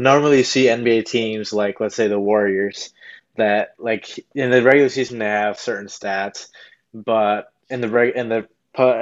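A man co-hosting a casual sports podcast, talking through team stats in a measured, halting way with many fillers. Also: fairly low pitch, dull audio. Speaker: podcast co-host.

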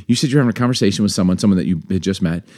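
A man co-hosting a casual podcast chat, animated and jokey, full of quick asides. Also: low voice. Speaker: podcast co-host.

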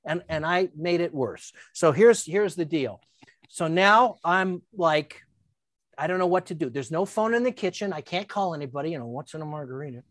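An older woman, a guest, telling a casual anecdote with lively restarts, stammers and acted-out quotes. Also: sits low, normal speed, no echo.

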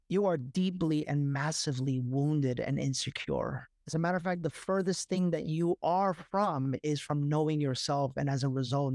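A man's voice: on the high side, darkish tone, dry recording. Brief: male guest, emphatic storyteller, dry close sound. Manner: emphatic, repeats words, frequent "right?" and "you know". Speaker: guest, life coach. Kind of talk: animated personal storytelling.

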